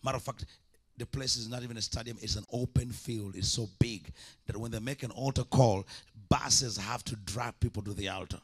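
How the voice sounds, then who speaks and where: A man's voice: mid-range voice, steady tone, a little fast, slightly rough. A man preaching a sermon as an evangelist, impassioned, with repeated call-and-response lines.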